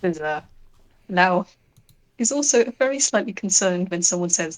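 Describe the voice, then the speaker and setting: A woman's voice: lowish voice, moderate pace, low-quality recording. A woman playing a tabletop role-playing game, narrating her character in a chatty, fond way. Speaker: tabletop player.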